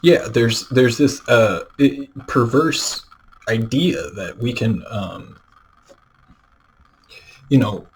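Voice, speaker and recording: A man talks straight into his own camera in a loose, unscripted rant. His voice sits at an ordinary middle pitch, and he circles his points with constant fillers and restarts. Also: drawn-out words, long pauses, a little hiss or hum, rough recording. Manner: rambling, many fillers and restarts. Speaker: video creator. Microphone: camera mic, self-filmed.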